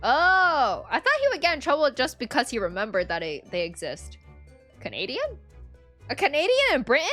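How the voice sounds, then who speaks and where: A woman's voice: sits high, huge pitch swings, moderate pace, a bit bright, soft background music. A woman streamer giving casual game commentary, chatty and jumpy with frequent exclamations.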